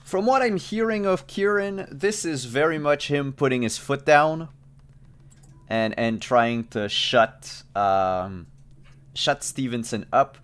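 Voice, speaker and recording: A man's voice: mid-range voice, expressive, slow, a bit bright, clear, resonant tone. A man narrating as game master of a tabletop game, casual, with frequent fillers.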